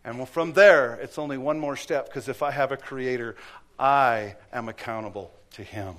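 The sermon comes from a man with a medium-pitched voice speaking at a moderate pace inside a church. He acts out quotes within his stories and swings his delivery from loud to hushed.

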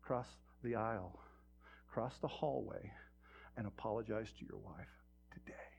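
The muffled, lo-fi recording catches a pastor in a church sanctuary asking his congregation rhetorical questions. His fairly low voice is creaky, a little mellow and slightly rough, and he keeps a measured pace.

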